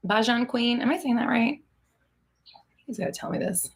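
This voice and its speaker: A woman's voice: on the high side, lively intonation, moderate pace, gravelly, long pauses. A woman coaching on a live stream, chatty and blunt, swearing freely and laughing between comments. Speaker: manifestation coach hosting a live Q&A. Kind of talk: casual live-stream chat.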